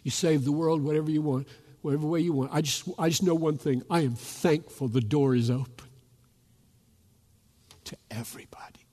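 A pastor preaching a fervent sermon, rising to loud calls as he urges his listeners. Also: fairly high pitch, fairly even intonation, fairly quick. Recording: long reverb of a large hall.

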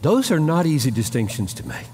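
A man's voice: fairly high pitch, sing-song, a little fast, a little mellow, slightly rough, long reverb tail. A man preaching a sermon. He speaks with emphasis, repeats key phrases, and acts out short exchanges between people. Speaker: pastor.

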